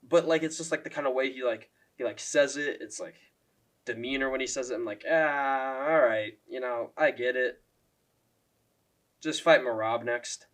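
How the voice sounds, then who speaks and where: A man's voice: mid-range voice, normal speed, a bit bright. Profane young man ranting about fighters. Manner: profane, lots of "like" fillers, mocking impressions. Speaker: MMA commentary YouTuber. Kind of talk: casual ranking rant.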